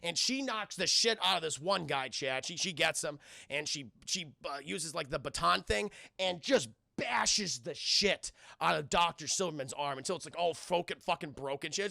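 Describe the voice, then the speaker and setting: A man's voice: on the high side, expressive, normal speed, vocal fry, pushed and bright, no room sound. A man casually retelling a film scene by scene on a live stream, rambling, swearing often and talking to his chat.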